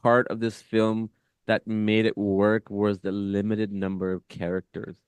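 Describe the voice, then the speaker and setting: Smooth, dry-voiced reflective male host. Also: on the low side, little pitch movement, a little slow, a little mellow, no echo. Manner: reflective, thinking aloud with fillers. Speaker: podcast host, film director. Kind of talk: casual interview chat.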